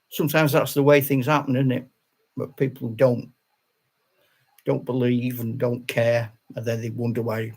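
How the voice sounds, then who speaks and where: Older man, gravelly husky voice, casual rambling live chat, frequent chuckles. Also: mid-range voice, a little mellow. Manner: chatty, laughs often, rambling with restarts. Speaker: channel host.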